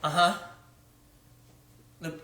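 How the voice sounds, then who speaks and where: A man's voice: drawn-out words, sharp tone. A man voicing a frantic new mother of newborn twins in a comedic phone sketch, tearful and indignant as she complains and pleads. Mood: weary. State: tearful, near crying. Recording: roomy echo.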